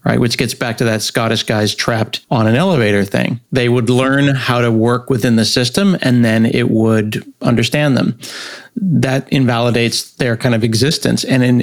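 A middle-aged American man talking through ideas in an interview, rambling and animated, slipping into acted-out quotes. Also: mid-range voice. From United States. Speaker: guest software developer. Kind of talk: conversational interview.

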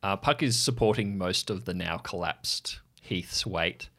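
A man narrating a tabletop game as game master, telling the action in a vivid, lively way. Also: deep voice, unhurried. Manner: vivid, lively storytelling with fillers.

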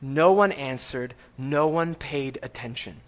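A man preaching a sermon in a church, talking in a conversational way and checking in with the congregation, going from loud emphatic lines to hushed reading. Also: medium pitch, unhurried. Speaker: pastor. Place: church sanctuary.

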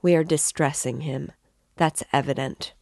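A woman reading as a gentle, restrained young sister. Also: sits low, fairly even intonation, a little slow, vocal fry, no room sound, clean studio sound.

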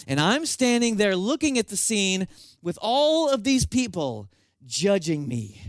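A man preaching a sermon with animated storytelling and self-mocking humor. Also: high voice, measured pace, no room sound. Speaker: pastor.

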